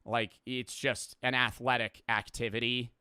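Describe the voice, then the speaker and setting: A man's voice: medium pitch, flat delivery, a little slow, pushed and bright, clean tone, no room sound, clean studio sound. A young man streaming, chatting casually in a rambling, profane, offhand way while reacting to a video.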